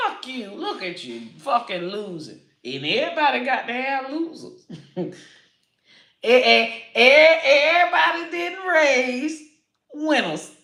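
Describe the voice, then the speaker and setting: Animated, bright-voiced woman ranting. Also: high voice, slow, vocal fry, reverberant. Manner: loud, animated, swearing, slangy, laughing at own jokes. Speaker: comedian and online creator. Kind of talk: unscripted profane rant to camera.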